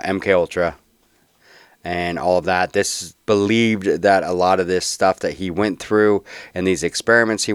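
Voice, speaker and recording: Low-voiced chatty man. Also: clean tone, dry recording, clean studio sound. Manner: loose and chatty, with many ums and restarts. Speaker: podcast host. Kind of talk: casual podcast narration.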